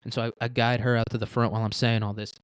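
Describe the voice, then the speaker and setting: A man hosts a comedy podcast and rambles through a crude, joking hypothetical. He talks fast at an ordinary pitch. The sound is dry and close. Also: flat delivery, no room sound. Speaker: podcast host.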